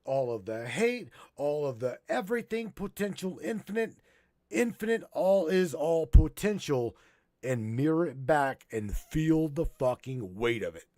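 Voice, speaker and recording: A man hosts a live stream, rambling and profane, his speech full of halting restarts as he chokes up. He talks slowly, in a fairly high voice for a man. The sound is dry and close. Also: expressive, dark tone, no room sound. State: choking up. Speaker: podcast host. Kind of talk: emotional live-stream monologue.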